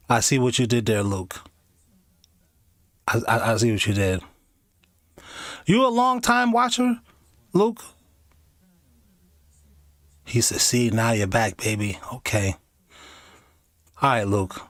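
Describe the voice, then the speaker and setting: A man's voice: mid-range voice, no echo, studio quality. A man hosting a reaction video, talking candidly in a rambling way and laughing often. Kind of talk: casual reaction commentary.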